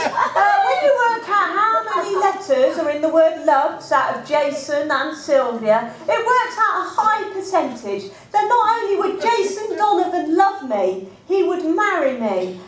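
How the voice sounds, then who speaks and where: A scatterbrained, self-mocking woman, played by an actress rambles through a comic stage monologue. Her high voice leaps around as she talks, heard from a distance in a roomy hall. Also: sing-song, a little slow, few pauses, a little hiss or hum, heavily acted. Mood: rambling. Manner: chatty, rambling, self-deprecating.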